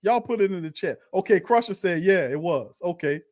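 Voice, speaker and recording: A man hosting a fan watch party, calling plays in a slangy, animated way and talking to his chat. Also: high voice, brisk. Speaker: fan host doing live play-by-play. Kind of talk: excited watch-party commentary.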